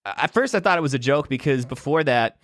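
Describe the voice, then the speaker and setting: A man's voice: medium pitch, expressive, a little fast, fairly bright tone, no echo, clean studio sound. A man in his twenties from Wisconsin hosting a casual solo podcast from a room at home, talking in a rambling, hesitant way with many ums and restarts and frequent laughs. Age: 20s. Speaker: podcast host. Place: room at home with guitars on the wall.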